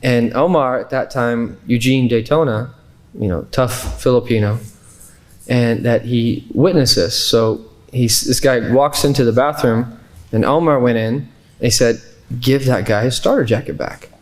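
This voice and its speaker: A man's voice: mid-range voice, fairly even intonation, a little slow. A man from Kansas City, Missouri, teaching an Islamic class in a loose, conversational way, telling anecdotes with fillers and restarts.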